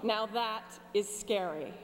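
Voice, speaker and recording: A woman in her forties giving a commencement speech from a podium, with wry, sarcastic humor and deadpan asides. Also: mid-range voice, takes it slowly. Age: 40s. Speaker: commencement speaker. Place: large graduation ceremony venue. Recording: long hall reverb with faint hum.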